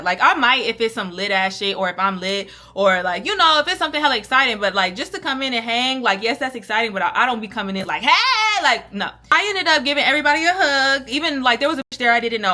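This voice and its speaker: A young woman vlogger tells a story in a casual, animated way, full of slang and swearing, and she acts out what people said. Her voice sits high. It rings bright and sharp.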